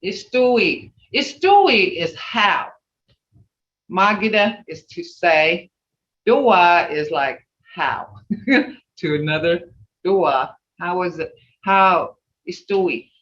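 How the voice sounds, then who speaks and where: Slow-spoken woman teaching a language class. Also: on the low side, lively intonation, a bit bright. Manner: slow, repeats syllables for learners to copy. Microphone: video call. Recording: dull roomy video-call audio.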